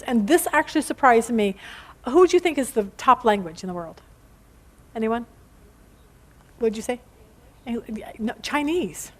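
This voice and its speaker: A woman's voice: high-pitched, a bit bright. A middle-aged woman teaching a casual Bible study to a group, chatty and playful, acting out quotes in funny voices.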